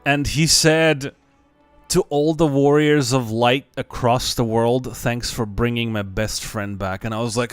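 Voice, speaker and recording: A man's voice: mid-range voice, fairly even intonation, unhurried, clean tone, no room sound, faint music behind. A young man chatting casually on a game stream, swearing freely and laughing often. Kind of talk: casual live stream chat.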